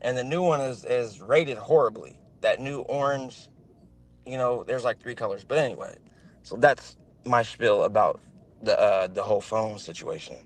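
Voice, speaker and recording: A man's voice: mid-range voice, moderate pace. Rambling man on a video call. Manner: rambling, with many fillers and restarts. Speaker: guest on a livestream. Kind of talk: casual chat.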